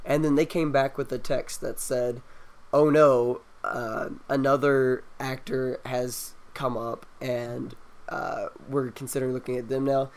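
A young man recounting a story in casual chat with friends, relaxed and quoting what others said. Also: medium pitch, unhurried. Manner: relaxed storytelling with quoted dialogue. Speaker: co-host.

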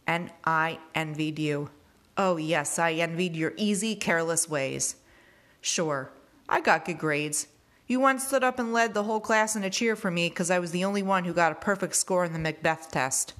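A woman reading aloud as a quiet, studious teenage boy speaking in a reflective, measured way. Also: fairly low pitch, lightly acted. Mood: wistful.

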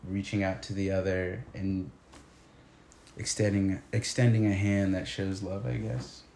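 A man's voice: low-pitched, little pitch movement, unhurried, gravelly, a little mellow. A man teacher talking casually and reflectively, often hesitating and restarting sentences. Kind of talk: casual conversation. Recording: echoey room with faint noise.

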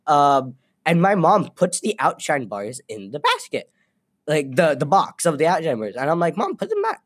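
A woman's voice: low voice, animated, moderate pace. A young woman co-hosting a casual podcast, telling stories with laughs and acted-out quotes. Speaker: podcast co-host. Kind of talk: casual chat.

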